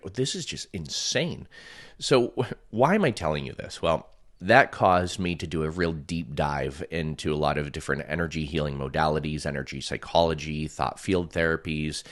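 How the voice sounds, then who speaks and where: Deep-voiced man telling a lively story. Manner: animated, acts out quoted voices with big pitch jumps; chatty, filler-heavy with frequent "like". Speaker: energy healing and hypnosis coach. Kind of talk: casual storytelling to camera.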